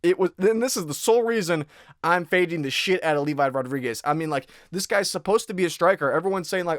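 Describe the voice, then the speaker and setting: A man's voice: high voice, fast talker, fairly bright tone, no echo, studio quality. Blunt profane young man breaking down fights. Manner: blunt, profane, rambling with restarts. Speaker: MMA betting analyst host.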